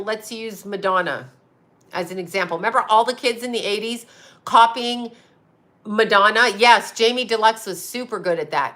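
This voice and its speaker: A woman's voice: medium pitch, pushed and bright. A middle-aged woman hosting a casual livestream, rambling, swearing and reading viewer comments aloud. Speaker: psychic channel host.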